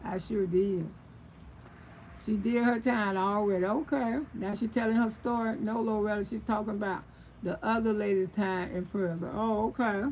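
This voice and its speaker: A woman's voice: medium pitch, fairly even intonation, normal speed, a little mellow, slight background noise, poor audio. A woman, casually telling stories on a livestream and answering viewer comments, laughing often. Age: 60s. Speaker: livestream host.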